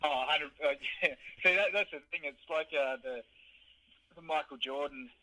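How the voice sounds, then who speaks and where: A man co-hosting a podcast, giving relaxed, opinionated takes in casual sports banter. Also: a little high, moderate pace, low-quality recording. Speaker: podcast co-host. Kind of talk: casual chat.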